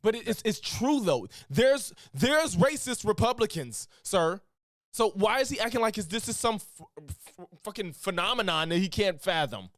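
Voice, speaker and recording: A man's voice: high voice, moderate pace, dry recording, clean studio sound. A man streaming a reaction to a clip, arguing back at it and questioning what he hears. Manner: animated, argumentative, talks back at the clip. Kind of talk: reaction commentary.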